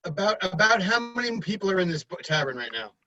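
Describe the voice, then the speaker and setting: A man's voice: high voice, sing-song, fast, pushed and bright, dry recording, lo-fi sound. A man playing in a tabletop game, joking and thinking aloud with frequent restarts. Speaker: player. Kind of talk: casual tabletop play.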